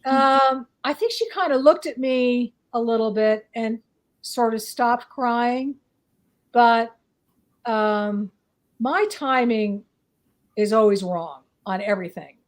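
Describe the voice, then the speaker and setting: Taking it slowly, a woman with a slightly high voice speaks as a psychic guest in casual chat. She is from the northeastern United States, and her speech is rambling, hesitant and full of fillers.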